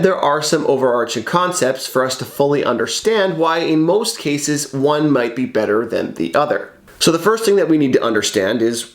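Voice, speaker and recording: A man working as a mortgage broker, talking in a confident, persuasive way in a scripted explainer video. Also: a little high. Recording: roomy echo, faint background music.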